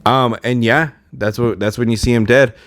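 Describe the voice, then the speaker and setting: Hosting a podcast, this man chats casually, restarting sentences and leaning on fillers as he rambles. His mid-range voice is steady and fairly bright at a moderate pace, with no echo.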